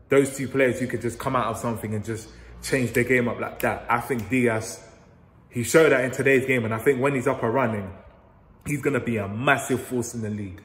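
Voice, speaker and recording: A man giving a steady, analytical fan review of a football match, repeating phrases for emphasis. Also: mid-range voice. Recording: echoey room with long reverb.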